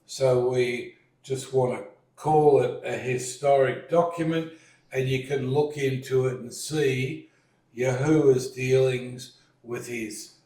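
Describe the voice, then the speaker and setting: A man leading a relaxed dining-table discussion, slowly retelling a story and acting out what people said. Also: medium pitch, recorded from a distance. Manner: slow storytelling, retells scenes with acted lines. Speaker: discussion leader. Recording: echoey room, voice set back from the mic.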